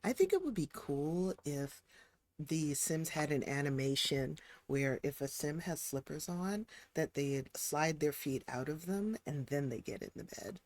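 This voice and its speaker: A game streamer with an expressive, medium-pitched voice speaks a little slowly. They chat casually during a live stream while playing, talking to the characters on screen.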